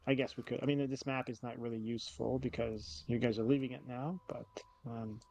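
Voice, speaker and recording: A man's voice: medium pitch, fairly even intonation, brisk, gravelly, a little mellow. A man acting as game master of an online tabletop game, laughing often and using lots of fillers.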